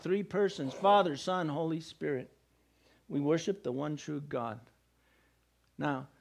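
High-voiced man preaching a sermon. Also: creaky. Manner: emphatic, rhetorical questions to the congregation. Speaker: pastor.

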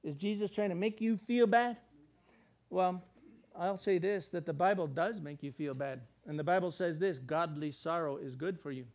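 A man with a high-pitched voice preaching a sermon. He talks in a casual, emphatic way and often slips into quick acted voices for the people in his stories. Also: darkish tone. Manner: conversational, emphatic preaching with plain everyday words.

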